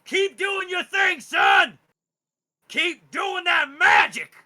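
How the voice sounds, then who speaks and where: A man hollering as a gruff old snake-man father. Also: very high voice, takes it slowly, pitched above the performer's own voice, full character voice. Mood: proud. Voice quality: loud hollering.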